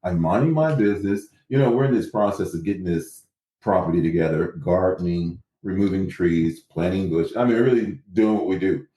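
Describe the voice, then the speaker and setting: In a casual interview, a male guest tells his story with animation, acting out other people's words in a low-pitched voice at a slightly fast pace. The recording is rough, with an echoey room.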